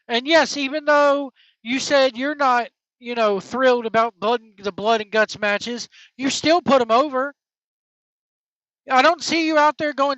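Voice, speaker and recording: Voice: high voice, a bit bright, dry recording. A wrestling podcast host on an angry, profane opinion rant, blunt and heated. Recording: dull lo-fi dry recording.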